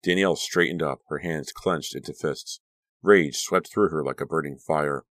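A man narrating an audiobook with a dramatic, expressive reading. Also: rumbling low, normal speed, dry recording, studio quality.

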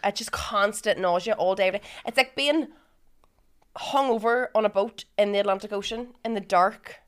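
Woman telling quick stories. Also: medium pitch, smooth. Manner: quick storytelling, laughs a lot. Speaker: comedian guest. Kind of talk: casual chat.

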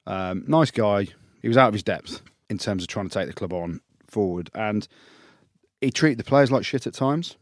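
A man, a former rugby player, co-hosting a podcast and telling stories fast in casual chat, swearing freely. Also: lowish voice, expressive, no room sound, studio quality.

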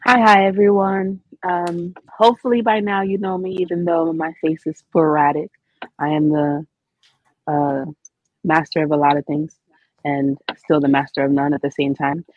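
A woman with a low voice chatting on a podcast, upbeat and self-mocking. Her voice sounds close and dry, with no room around it. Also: steady tone, moderate pace, dry recording, phone-quality sound. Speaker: podcast panelist. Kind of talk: casual podcast chat.

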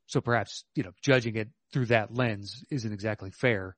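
A man co-hosting a podcast, talking about movies in a measured, hesitant way with many fillers. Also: fairly low pitch, a bit bright, no room sound. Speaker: podcast co-host. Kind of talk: casual movie chat.

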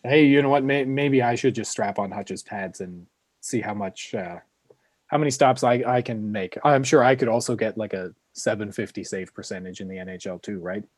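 A man's voice: fairly low pitch, moderate pace, no echo. A man co-hosting a casual hockey podcast, rambling with lots of fillers and restarts. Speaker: podcast co-host.

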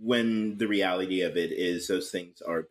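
A man's voice: low-pitched, normal speed. A young man talking as a podcast guest in frank, casual chat, swearing freely. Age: young adult.

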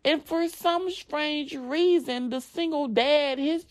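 A woman telling a story casually, animated and profane, dropping into dramatic whispers. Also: sits high, slow.

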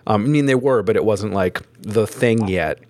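A man from Vermont hosting a podcast, chatting with a guest in a relaxed, chummy way and laughing along. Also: on the low side, normal speed, dry recording. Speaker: podcast host. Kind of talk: casual interview chat.

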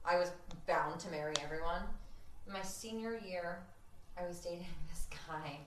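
Young woman, sarcastic podcast co-host, lowish voice, roomy echo, a bit off-mic. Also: normal speed, distant mic, background noise. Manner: teasing, sarcastic. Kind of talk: casual comedic chat.

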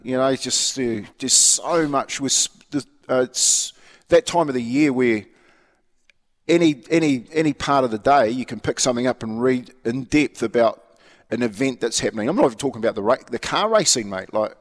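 A man with a New Zealand accent co-hosts a radio show, casually rambling about sport and restarting plenty, easygoing and matey throughout. He speaks at a moderate pace in a mid-range voice with lively intonation, recorded in a large hall.

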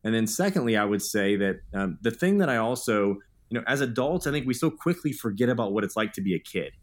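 A man's voice: lowish voice, animated, fast. A man in his thirties, a guest author telling stories in an earnest, upbeat way in a podcast interview.

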